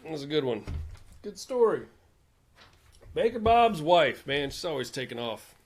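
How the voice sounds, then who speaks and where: A man co-hosting a comedy podcast, backing up his partner's story as an eager sidekick. His voice sits high for a man and leaps around with animation. He echoes and agrees with almost every line. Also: big pitch swings, moderate pace. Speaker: co-host. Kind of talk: comic podcast banter.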